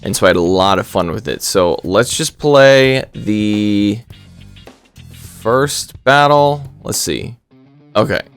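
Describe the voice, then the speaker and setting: A man's voice: lowish voice, takes it slowly, smooth, soft background music. A man giving casual, rambling game commentary, full of stutters and self-deprecating asides. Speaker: gaming commentator.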